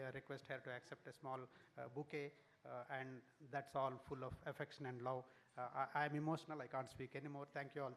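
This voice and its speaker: A man makes a formal speech at an event. He speaks haltingly, with plenty of fillers and restarts, at a middling pitch. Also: a bit bright, slight background noise. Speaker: sponsor giving a speech.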